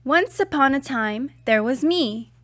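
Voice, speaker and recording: A woman reads a children's storybook aloud in a high, bright voice. She takes her time, shaping each line with clear, expressive storytelling. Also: measured pace. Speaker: children's book reader.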